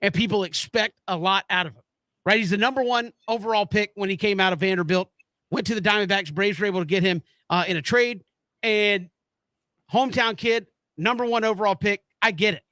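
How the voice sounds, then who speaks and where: A man co-hosting a casual sports talk show, animated, often stumbling and restarting as he argues his point. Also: high-pitched, a little fast, no echo. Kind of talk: casual sports radio chat.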